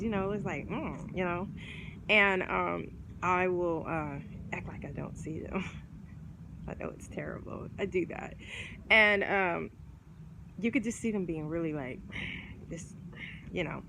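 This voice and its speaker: A woman's voice: on the low side, creaky, background noise. A woman vlogging in a casual chat to camera, rambling and filling her talk with fillers and restarts.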